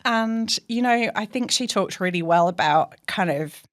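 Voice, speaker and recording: A woman's voice: medium pitch, animated, measured pace. A woman from England, co-hosting a podcast in casual, chatty talk full of fillers and frequent laughs. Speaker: podcast co-host. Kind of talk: casual chat.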